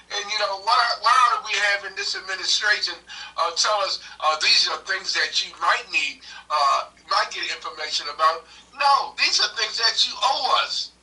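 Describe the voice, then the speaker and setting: An older male co-host chats casually, hesitant and halting with lots of fillers. His voice is high and very bright, sitting far from the microphone. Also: lively intonation. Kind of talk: casual chat.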